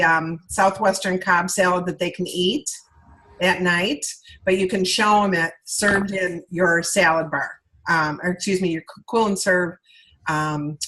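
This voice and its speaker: A woman's voice: fairly low pitch, fairly bright tone, rough recording. A woman talking through a video call as a sales consultant training her directors. She is chatty, repeats herself and keeps checking in with "okay?" and "all right?".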